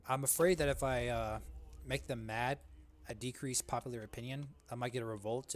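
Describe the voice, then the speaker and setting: A man's voice: medium pitch, a little hiss or hum. Slangy young man narrating his gameplay. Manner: slangy, joking, keeps saying "bro". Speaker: let's play gamer. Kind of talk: casual gameplay commentary.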